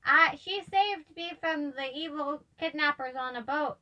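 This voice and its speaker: A woman's voice: high-pitched, unhurried, pushed and bright. A young woman playing in a casual tabletop game, eagerly peppering the game master with questions. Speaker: player. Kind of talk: casual tabletop role-play. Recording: faint background noise.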